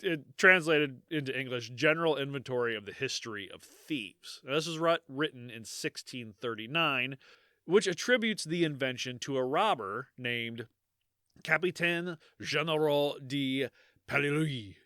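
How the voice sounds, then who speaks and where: A man co-hosts a podcast, explaining grim history in a loose, jokey ramble. His voice is bright and lively, swinging widely up and down. The sound is close and dry. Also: mid-range voice, normal speed, no room sound. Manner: joking, rambling, laughs often. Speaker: podcast co-host. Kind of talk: casual podcast chat.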